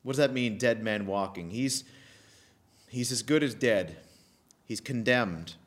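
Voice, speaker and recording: A man preaching a sermon, emphatic and animated, repeating key phrases with pauses. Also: fairly low pitch. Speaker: pastor.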